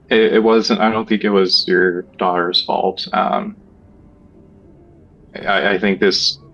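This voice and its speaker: Male player in character, very low and slow delivery, muffled audio. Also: fairly bright tone. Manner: slow, halting, formal. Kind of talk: in-character tabletop role-play.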